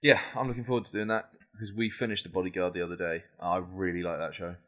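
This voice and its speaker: A man's voice: low voice, fairly even intonation, fast talker, a bit bright. A British man co-hosting a casual chat, talking easily, laughing often and swearing playfully. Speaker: podcast co-host.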